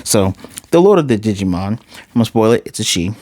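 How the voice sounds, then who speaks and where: A man giving a casual, excitable episode recap and review, jumping into different voices for the characters. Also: on the low side, fast talker, dry recording. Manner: excitable, acts out characters' lines in shifting voices. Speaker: anime reviewer.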